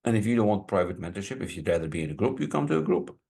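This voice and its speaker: A man speaking as a business coach, pitching his mentorship in a casual, rambling way and sometimes searching for words. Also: very animated, racing, creaky, dark tone, breathy edge. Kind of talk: sales pitch to viewers.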